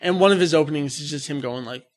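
A young man co-hosting a podcast, chatting excitedly about a video game, quick to laugh. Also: a little high. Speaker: podcast co-host. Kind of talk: casual review chat.

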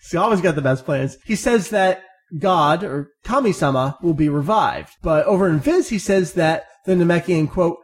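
A man hosting a casual podcast, talking quickly with jokey asides. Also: on the high side, expressive. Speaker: podcast host. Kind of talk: casual chat.

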